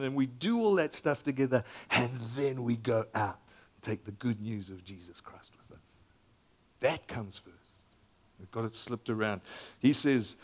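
Older pastor preaching, big volume swings. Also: male voice, mid-range voice. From Zambia. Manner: animated and conversational, with dramatic volume swings down to near whispers. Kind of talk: sermon.

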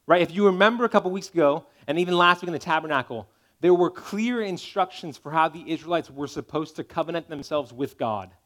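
A man delivering a sermon in a fairly high voice. He preaches in a conversational, emphatic way and keeps checking in with his listeners. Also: fairly quick, a bit bright. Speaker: pastor.

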